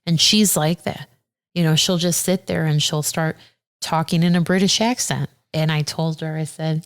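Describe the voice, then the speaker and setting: A woman who is a circuit judge, talking earnestly and warmly as a podcast guest, getting animated when she quotes people. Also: low-pitched, moderate pace. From Aurora, Illinois. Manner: earnest and heartfelt, animated when quoting others. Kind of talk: casual interview conversation.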